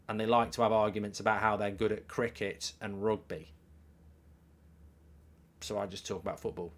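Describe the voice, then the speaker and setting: A man's voice: on the low side, steady tone, normal speed, pauses often. A man hosting a football watchalong, rambling and joking while reading out viewer comments. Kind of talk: casual livestream chat, reading comments.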